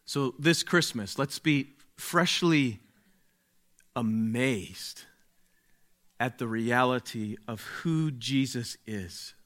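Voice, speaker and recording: A male pastor with a mid-range, slightly bright voice preaches slowly and emphatically, using dramatic pauses and rising swells of volume.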